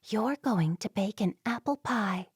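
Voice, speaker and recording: A woman's voice: mid-range voice, lively intonation, measured pace, slightly rough, no room sound, studio quality. A woman voicing a motherly Amish woman in an audiobook, speaking in a firm, knowing way.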